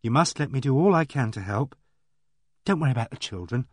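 A man's voice: mid-range voice, expressive, a little fast, no echo, natural voice. A male reader voicing a kindly young woman who chatters earnestly and fusses over others.

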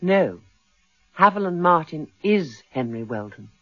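A woman's voice: low voice, sing-song, measured pace, fairly bright tone, full character voice. An actress playing a poised, wary woman writer in a radio drama, speaking in refined, clipped tones. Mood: shaken, confiding. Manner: refined, clipped speech with nervous stammers. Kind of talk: 1970s radio drama acting. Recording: dull lo-fi radio recording.

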